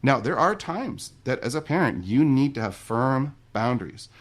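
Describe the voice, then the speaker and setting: A middle-aged man, a guest on a podcast, telling stories and explaining ideas in a relaxed, conversational way. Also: medium pitch. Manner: fast, animated storytelling. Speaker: podcast guest, marriage coach.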